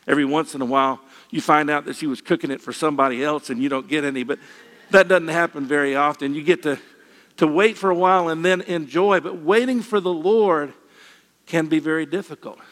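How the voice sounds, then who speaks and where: Older male preacher, folksy and lightly humorous, slightly high voice, reverberant hall. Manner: folksy, with gentle humor and repeated phrases. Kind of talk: sermon.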